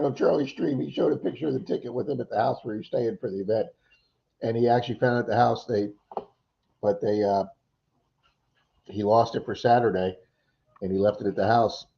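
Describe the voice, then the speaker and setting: Gravelly-voiced man telling a rambling story. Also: mid-range voice, mellow. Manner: rambling anecdotal storyteller with many "uh"s and restarts. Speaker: livestream host. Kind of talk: casual storytelling on a live stream. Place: home computer setup. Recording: dull lo-fi stream audio.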